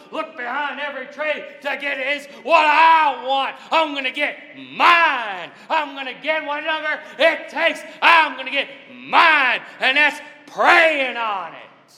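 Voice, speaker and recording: Man, chapel sermon, folksy and emphatic, high voice, slow and deliberate, reverberant hall. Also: bright, forceful tone. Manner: folksy, emphatic, spells words out. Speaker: preacher. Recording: echoey chapel with long reverb.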